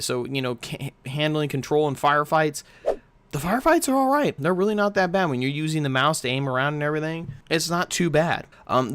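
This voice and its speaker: A man's voice: on the low side, fairly bright tone. A man giving a casual, exasperated game review, ranting and swearing freely into a close home mic.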